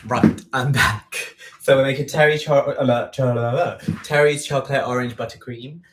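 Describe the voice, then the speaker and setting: A man's voice: medium pitch, fairly even intonation, measured pace, far from the mic. A man talks casually as he bakes, rambling along and correcting himself mid-sentence. He sits back from the mic, so his voice carries the roomy echo of a home kitchen. Faint background noise and clicks sit under his talk. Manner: rambling, self-correcting, chatty asides. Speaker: baking livestream host. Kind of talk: casual chat while baking.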